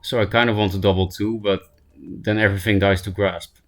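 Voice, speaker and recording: A man streaming a card game, thinking aloud and mocking himself, hoarse from laughing and often clearing his throat. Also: fairly low pitch, steady tone, brisk, soft background music. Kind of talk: casual gameplay commentary.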